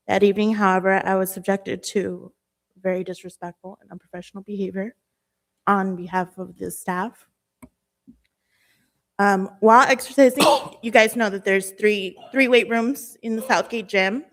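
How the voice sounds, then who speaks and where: A young woman with a Southern Californian accent giving a nervous, emotional public comment at a city meeting, halting and full of fillers. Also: mid-range voice.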